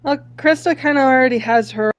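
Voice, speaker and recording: A woman playing a tabletop game, describing her moves in a calm, steady way. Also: high-pitched, brisk, no room sound. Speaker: tabletop player. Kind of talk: casual tabletop game chat.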